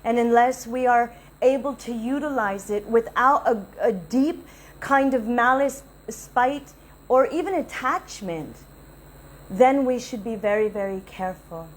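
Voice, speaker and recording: Speaking a little slowly in a slightly high voice, this spiritual speaker recounts a personal story with earnest, confessional feeling and voices the dialogue herself. The audio quality is poor.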